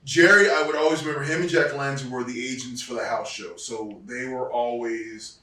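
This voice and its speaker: A man who used to wrestle, interviewed as a guest, telling animated stories about his career and acting out other people's voices. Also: medium pitch, a little fast. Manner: animated storyteller, acts out quoted voices. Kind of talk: casual storytelling interview. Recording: roomy sound from a distant mic.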